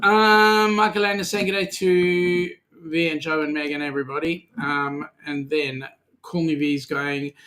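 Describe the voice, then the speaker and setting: A man's voice: fairly high pitch, fairly even intonation, measured pace, bright, forceful tone. An Australian man hosting a casual livestream chat, joking around and reading out viewer comments. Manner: jokey, reads out viewer comments. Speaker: host.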